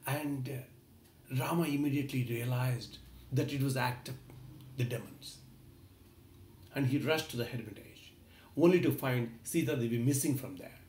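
A man's voice: mid-range voice, moderate pace, pauses often, a little mellow, a little hiss or hum. Earnest man telling a story, echoey room. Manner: earnest, addresses listener directly. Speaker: motivational speaker. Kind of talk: storytelling talk.

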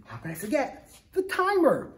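A woman's voice: high voice, huge pitch swings, moderate pace. A woman presenting a hands-on lesson to a group of children, upbeat and coaxing as she leads them in call-and-response. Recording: echoey room, faint background noise.

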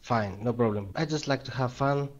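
A man chatting with a stranger online in a flirty, hesitant way. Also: moderate pace. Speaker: random chat stranger. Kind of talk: casual flirting. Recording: dull low-fi webcam audio.

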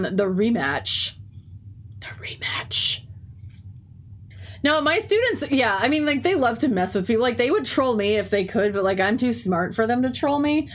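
Chatty young woman with a stuffy nose. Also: medium pitch. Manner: chatty storytelling with frequent "like" and swearing. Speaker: teacher and game streamer. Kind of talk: casual chat while streaming.

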